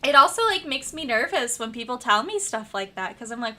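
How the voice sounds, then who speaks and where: Editing her book live on stream, a young Midwestern author with a slight accent chats and rambles casually. Her voice is a little high and sharp in tone, fairly quick, with big pitch swings.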